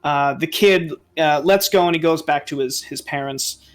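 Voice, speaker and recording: A man running a tabletop game as dungeon master, narrating in a halting way with many fillers. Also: on the high side.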